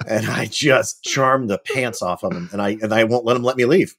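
A middle-aged man telling lively anecdotes as a guest on a casual chat show, acting out quotes and restarting his sentences often. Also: mid-range voice, normal speed. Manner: animated, acts out quotes, frequent restarts. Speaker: podcast guest, actor.

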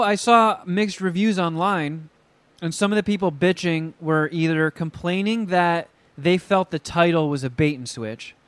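A man co-hosting a casual podcast chat, telling stories in a profane, animated way with acted-out quotes. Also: on the high side, clear, resonant tone, no room sound. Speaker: podcast co-host.

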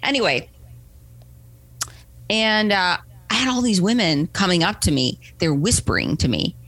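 A woman's voice: on the low side, measured pace, no room sound. A woman guest telling a story in a casual interview, acting out the voices of people she quotes and often asking "right?". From United States. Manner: animated, acts out quoted voices, frequent "right?". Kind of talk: conversational storytelling.

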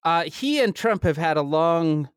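A man's voice: fairly high pitch, expressive, measured pace, clean tone, no room sound. Wry man chatting, dry close sound. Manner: wry, rambling, with many restarts. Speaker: podcast co-host. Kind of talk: casual political chat.

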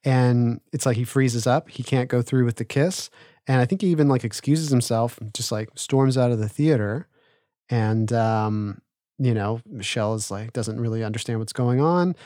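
A male podcast co-host talks through a scene in a loose, chatty way, dotting his sentences with "uh" and "um." His voice sits at an ordinary middle pitch. The sound is dry and close, with no room echo. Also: normal speed. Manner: relaxed recapping with fillers. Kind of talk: casual podcast discussion.

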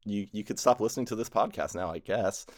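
A man's voice: on the low side, quick pace. A man hosting a casual group podcast, rambling and correcting himself with frequent laughs. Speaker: podcast host and game master.

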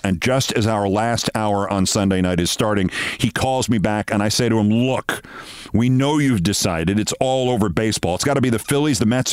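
A man in his sixties telling a long anecdote as a show host, wry and lively, acting out the people he quotes. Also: mid-range voice, no echo. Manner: wry anecdotal storytelling, acts out quoted dialogue. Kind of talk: storytelling monologue.

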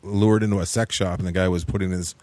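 A man's voice: deep voice, fairly even intonation, quick pace, darkish tone, no echo. A man co-hosting a casual comedy podcast from a remote location, laid-back and wry, swearing casually. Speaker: podcast co-host.

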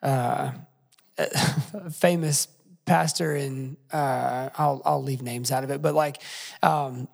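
A man's voice: mid-range voice, fairly even intonation, slow, gravelly, long reverb tail. A man hosting a podcast who talks reflectively, telling a story with many fillers. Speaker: podcast host. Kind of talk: conversational podcast interview.

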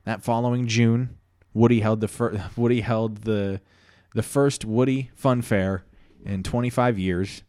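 Man, podcast host, lower voice, relaxed chatty storytelling. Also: measured pace, few pauses, dry recording, studio quality. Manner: easygoing, chatty, laughs often. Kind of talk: improvised comedic storytelling.

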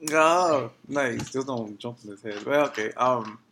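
A man hosting a casual podcast interview, chatty and easygoing, quick to laugh. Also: medium pitch, background noise. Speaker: podcast host.

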